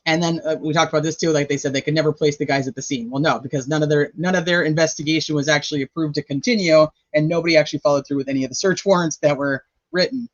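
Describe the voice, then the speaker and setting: Chatty man with a higher voice. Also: fairly even intonation, very fast, hardly any pauses, no echo, muffled recording. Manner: chatty, rambling, thinking aloud while checking notes. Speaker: true crime channel host. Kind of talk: casual livestream commentary.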